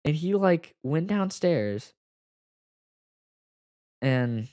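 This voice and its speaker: A young man telling a personal story to the camera, halting and full of fillers, close to tears at times. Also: fairly high pitch, expressive, mellow, smooth, dry recording. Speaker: vlogger.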